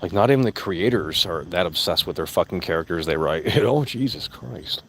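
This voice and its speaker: A man with a deep, low voice rants casually while outdoors, swearing freely and circling back over his points. Faint crickets and insects chirp in the background. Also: expressive, fairly quick, fairly bright tone, slight background noise. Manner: profane, blunt, repeats himself. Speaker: vlogger. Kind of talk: casual rambling rant. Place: outdoors among plants.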